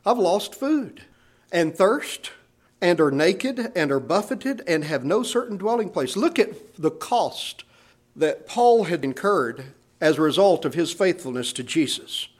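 A man's voice: animated, a little slow. A man preaching a sermon, reading scripture aloud and pressing his points with impassioned emphasis, his voice climbing sharply on quoted lines. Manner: impassioned, rising to high emphatic pitch on quotes.

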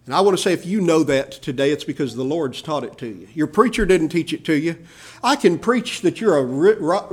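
A man delivers a sermon in a high voice. He preaches earnestly, pushing up on his emphatic words, then sinking to quiet, hushed endings. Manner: earnest, swings between emphatic rises and hushed low endings.

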